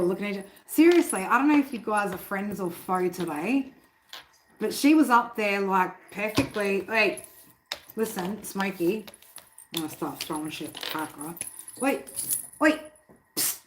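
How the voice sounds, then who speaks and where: A woman's voice: mid-range voice, normal speed, poor audio. A woman hosting a casual live tarot stream from home. She talks loosely, swears freely and keeps breaking off to scold her cats. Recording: steady background noise. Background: noise and cats.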